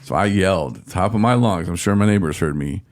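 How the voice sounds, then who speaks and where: In casual podcast chat, a low-voiced male host tells a frustrated story at a fairly quick pace. He acts out his own quotes with animated exasperation.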